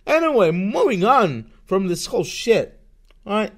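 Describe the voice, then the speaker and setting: Profane, slow-talking man ranting solo. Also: sits high, very animated. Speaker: podcast host. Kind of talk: solo rant podcast.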